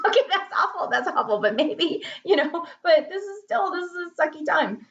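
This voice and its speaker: A woman's voice: high-pitched, big pitch swings, fairly quick, hardly any pauses, fairly bright tone. Chatty woman marketer, lo-fi recording. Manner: chatty, frequent laughter, repeats words for emphasis. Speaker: promotional marketing consultant. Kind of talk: casual marketing vlog. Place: home office.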